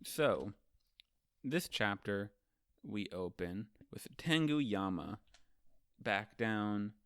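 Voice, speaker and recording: A man's voice: fairly low pitch, a bit bright, smooth, no echo, studio quality. A man hosting a casual manga ranking show, recapping chapters in a loose, profane, chatty way and acting out the characters' lines.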